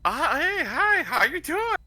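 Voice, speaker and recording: A man's voice: very high voice, big pitch swings, unhurried, bright, forceful tone, pitched above the performer's own voice, full character voice. A man voicing a jittery young male pickpocket in a tabletop role-play, stammering and overly polite. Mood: nervous.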